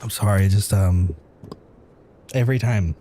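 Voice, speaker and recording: A man streaming live, overwhelmed and swearing, holding back from shouting. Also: on the low side, a little slow, slight background noise. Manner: emotional, swearing, restrained from shouting. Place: room at home.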